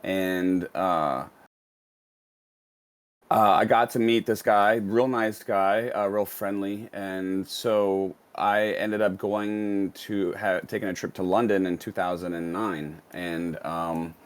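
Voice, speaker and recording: Low-voiced man telling a rambling story. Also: steady tone, slow, clear, resonant tone. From United States. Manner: rambling, many fillers and restarts. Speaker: interview guest, DJ. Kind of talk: casual storytelling interview.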